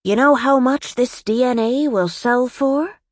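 Henchman, male, high reedy whisper, sneering, taunting, put on by a woman narrator, dry. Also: unhurried, dry recording. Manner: taunting, mocking.

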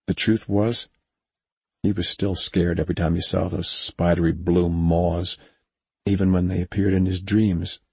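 A man narrating an audiobook in an even, unhurried storytelling manner. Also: low-pitched, husky, dry recording.

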